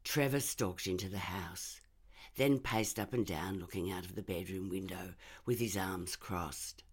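A woman reading a first-person short story aloud in a measured, expressive way. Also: very deep voice, breathy edge.

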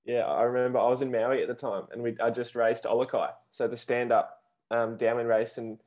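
A man hosting a podcast, chatting in a relaxed way about his own memories. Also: medium pitch, fairly quick. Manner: relaxed, rambling, with many fillers. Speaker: podcast host. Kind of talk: casual chat.

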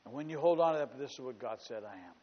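A male pastor preaching a sermon, shifting from quiet storytelling to loud, emphatic declarations and repeating phrases for emphasis. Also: mid-range voice, lively intonation, fast talker. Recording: dull lo-fi recording with long hall reverb.

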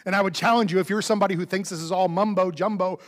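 A man with a fairly high voice preaches an Easter sermon in a church sanctuary. His delivery is conversational and animated, slipping into the voices of the people he quotes. The sound carries a long hall reverb. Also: very fast. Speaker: pastor.

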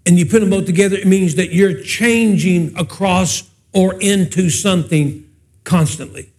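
A man's voice: sits high, moderate pace, darkish tone. A man preaching a sermon, telling humorous personal stories in a folksy, chatty way and asking the congregation questions. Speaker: pastor.

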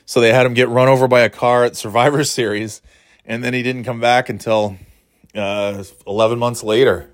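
A man's voice: medium pitch, steady tone, moderate pace. Rambling, profane man chatting solo. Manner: rambling, profane, laughing often. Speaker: podcast host. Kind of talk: casual solo chat.

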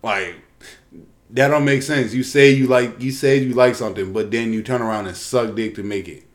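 A man talking in a loose, profane rant full of slang and fillers. His voice sits at an ordinary middle pitch, neither deep nor high, and he keeps circling back to his complaint. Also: moderate pace. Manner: profane, animated ranting with slangy asides. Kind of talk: casual ranting chat.

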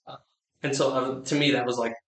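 A man's voice: mid-range voice, flat delivery, brisk, fairly bright tone. A man co-hosting a podcast in casual chat, joking and rambling with frequent restarts, recorded on location inside an old hospital. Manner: joking, rambling, starts over often. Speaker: podcast host. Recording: echoey room in an old building.

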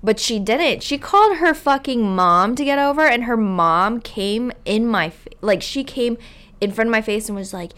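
A woman's voice: a little high, lively intonation, normal speed, a bit bright. A woman hosting a podcast, telling stories in casual chat and acting out other people's lines bluntly. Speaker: podcast host.

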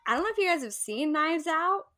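A woman's voice: high-pitched, lively intonation, a little fast, crowd noise. A woman co-hosting a casual podcast chat, talking loosely and laughing easily. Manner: chatty, laughing, swearing casually. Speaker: podcast co-host.

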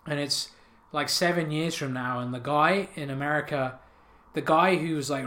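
A man's voice: a little high, normal speed, bright, forceful tone. A man hosting a podcast, telling absurd rambling comic stories, swearing and laughing at his own jokes into a podcast microphone. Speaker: podcast host.

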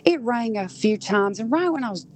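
A woman's voice: fairly high pitch, animated, normal speed, darkish tone. A woman from Southern Georgia, a podcast guest earnestly telling a personal story and acting out voices she overheard. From Southern Georgia, USA.

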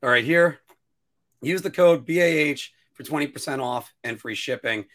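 A man co-hosting a casual podcast chat, rambling and restarting his sentences, now and then jumping up into a high-pitched whine. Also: normal speed. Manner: rambling, self-interrupting, animated with sudden high-pitched whining bursts. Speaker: podcast co-host.

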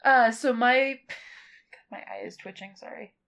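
A woman's voice: on the high side, unhurried, a bit bright, highs cut off. Easygoing woman co-host telling the story. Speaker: podcast co-host presenting the destination. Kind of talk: casual chat.

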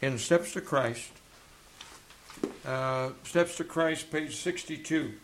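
A man preaching a sermon as pastor, fervent, swinging from loud declarations to hushed asides, and reading passages aloud. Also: fairly high pitch, a little slow, a little hiss or hum. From England. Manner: reads passages aloud from books.

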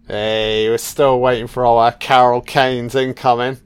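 A man talks through a film in a relaxed, unhurried way, sprinkling in swear words and filler as he goes. His voice is smooth and clear at a middling pitch. The sound is close and dry, with no room around it. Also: no room sound. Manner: laid-back and profane, full of "you know". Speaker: film commentator. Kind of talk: casual film commentary.

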